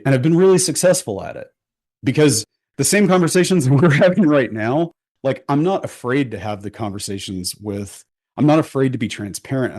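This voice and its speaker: A man, a podcast guest telling candid personal stories in a blunt, profane, animated way, often checking in with "right?". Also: mid-range voice. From Houston, Texas. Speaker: podcast guest, photographer and realtor. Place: podcast studio.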